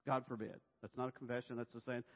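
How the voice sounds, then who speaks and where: A man preaching a sermon in a church, animated and playful, dropping to a hush and then rising loud. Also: medium pitch, quick pace. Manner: animated and playful, swinging between hushed and loud. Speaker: pastor. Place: church sanctuary. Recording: reverberant hall, dull sound.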